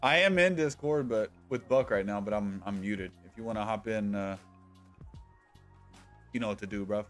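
A man's voice: on the low side, normal speed, long pauses, fairly bright tone, faint music behind. A man streaming a game live, chatting loosely with viewers, swearing freely and calling them by nicknames. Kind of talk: casual live-stream chat while gaming.

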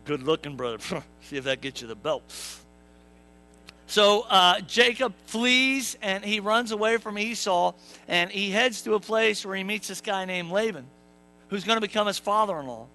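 Youngish guy preaching, high voice, cracks jokes, talks to the crowd a lot. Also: lively intonation, moderate pace, sharp tone, poor audio. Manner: jokey storyteller, acts out characters, asks the congregation. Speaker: pastor. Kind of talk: humorous sermon. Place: church sanctuary.

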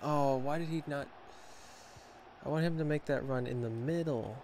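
A young man with a slightly high voice gives casual, self-talking commentary over his own gameplay. He chats along and bursts into quick exclamations. A faint ambience sits behind him. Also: darkish tone, slight background noise. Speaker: gaming channel host.

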